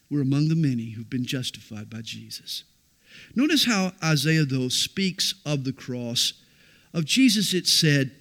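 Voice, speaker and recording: A middle-aged man preaching a sermon, moving from loud declarations to hushed, intimate storytelling. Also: fairly high pitch. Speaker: pastor.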